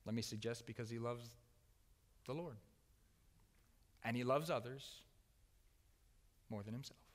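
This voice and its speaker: A man preaching a sermon with earnest emphasis, often dropping to a soft, quiet voice on key words. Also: medium pitch, a little slow, big-room sound. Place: church sanctuary.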